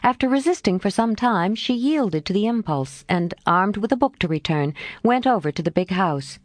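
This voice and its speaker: A woman narrating a classic novel as an audiobook in an expressive storytelling manner. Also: mid-range voice, normal speed, hardly any pauses, dry recording, clean studio sound.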